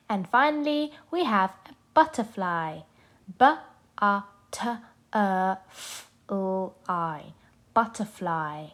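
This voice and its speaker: A woman teaches young children their letters. She talks slowly, with a lively voice that rises and falls, and she stretches each letter sound so the little ones can repeat it. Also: mid-range voice. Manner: slow, sing-song, sounding out letters for children. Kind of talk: children's phonics lesson.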